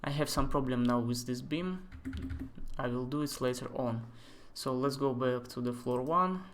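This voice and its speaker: A man in his twenties, not a native English speaker, thinking aloud and chatting with viewers during a live software tutorial. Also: mid-range voice, normal speed. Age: 20s. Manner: thinks aloud, chatty asides, answers chat questions. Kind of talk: live screen-share tutorial.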